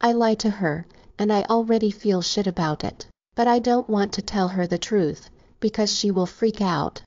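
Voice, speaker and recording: A woman narrating a first-person romance audiobook with a steady, even reading. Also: medium pitch, moderate pace, no echo. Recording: slightly dull, dry recording.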